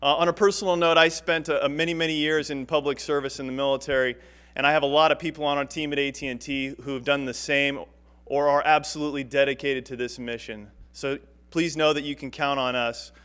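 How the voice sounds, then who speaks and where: A man speaks quickly and emphatically from a podium, with a slightly higher voice for a man. He sounds eager and punchy, and he leans on repeated words for stress. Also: fairly even intonation, fairly bright tone, clear, resonant tone. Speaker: telecom executive speaking at a press event. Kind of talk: public speech at a podium.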